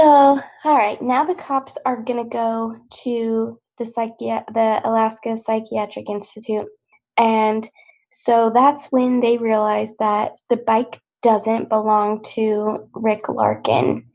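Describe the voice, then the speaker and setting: A woman co-hosting a podcast, telling a true-crime story in a casual, unhurried, matter-of-fact way. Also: a little high, a little mellow, low-quality recording. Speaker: podcast co-host.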